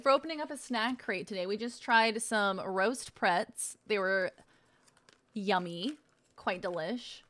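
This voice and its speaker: A woman's voice: a little high, normal speed, a bit bright. A woman streamer chatting casually with her viewers, playful, laughing often and swearing freely. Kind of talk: casual live-stream chat.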